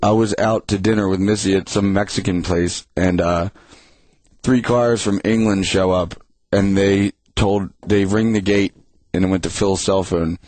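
A man's voice: low voice, fairly even intonation, normal speed, darkish tone, no echo. A young man telling rambling, profanity-laced stories in a casual chat.

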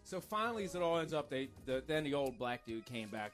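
A man's voice: mid-range voice, fairly quick, hardly any pauses, soft background music. A man co-hosting a radio show, telling a story casually and acting out the voices of the people in it. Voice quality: animated, acts out voices in his stories.

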